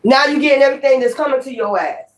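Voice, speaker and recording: A woman's voice: high-pitched, quick pace. A woman giving a tarot reading in a blunt, profane, emphatic way. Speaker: tarot reader.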